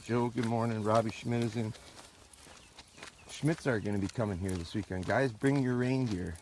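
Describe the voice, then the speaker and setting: A man's voice: lowish voice, normal speed, a little mellow. A man streaming live from a farm as a dog trainer, chatting to viewers and giving his dogs short firm commands. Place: outdoors on a rural farm. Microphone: phone or camera on a tripod. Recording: noisy outdoor livestream.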